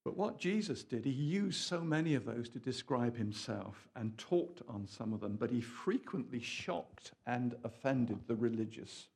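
A man preaching a sermon in an animated, rambling way, full of asides and questions to the audience. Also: medium pitch, a little slow, creaky, few pauses, breathy edge.

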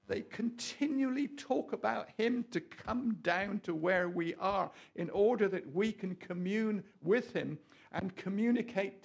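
A man preaching a sermon in an animated, rambling way, full of asides and questions to the audience. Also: a little high, vocal fry, slightly rough.

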